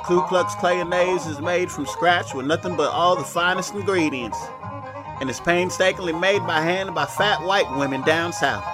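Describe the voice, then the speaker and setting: A man voicing a loud, excited male announcer giving a hard-sell product pitch. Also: normal speed, over loud music, natural voice, rough recording. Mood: hyped.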